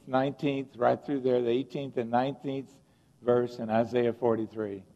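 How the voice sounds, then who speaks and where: A man's voice: medium pitch, darkish tone. An older man, a pastor, preaching an earnest, personal sermon to his congregation in a church sanctuary. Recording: dull, long-reverb church recording.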